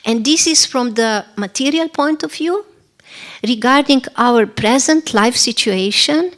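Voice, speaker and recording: A woman whose first language is Slovene gives a devotional scripture class at a temple, telling a story gently with frequent ums and questions to the audience. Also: a little high. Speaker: temple speaker. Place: temple center.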